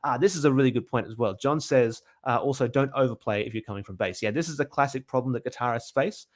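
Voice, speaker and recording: A young Australian man teaching bass, answering viewer questions in a casual livestream, upbeat and chatty with frequent filler sounds and restarts. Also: fast.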